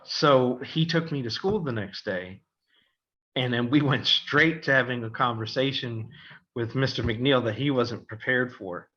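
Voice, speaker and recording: Bright-voiced man telling a story. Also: medium pitch, measured pace, highs cut off. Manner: animated, acts out quoted voices, laughs often. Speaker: podcast co-host. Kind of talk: casual storytelling.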